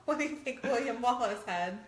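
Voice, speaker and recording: A woman's voice: on the high side, expressive, fairly quick. Giggly woman chatting in an echoey room. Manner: giggly, playful, teasing. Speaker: co-host playing a couples quiz game. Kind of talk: casual chat.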